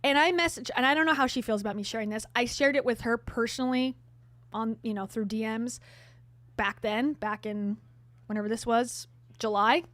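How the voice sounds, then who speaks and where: A woman talks straight to her viewers in a chatty, candid tone, slipping in sarcastic asides. Her voice sits a bit high and the sound is dry and close. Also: fairly bright tone, dry recording. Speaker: vlogger host. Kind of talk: casual storytelling to camera.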